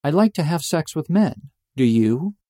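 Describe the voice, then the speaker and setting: A man's voice: a little high, expressive, moderate pace, dark tone, no echo, clean studio sound, pitched above the performer's own voice. A man quoting a blunt, pushy older Italian seatmate. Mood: insistent. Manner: blunt, insistent.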